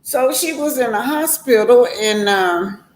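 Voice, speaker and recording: A woman's voice: fairly high pitch, expressive, unhurried. An older woman hosting a livestream, telling a personal story in a rambling, homespun way and often calling her viewers "y'all". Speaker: livestream host. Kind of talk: casual storytelling to a live chat.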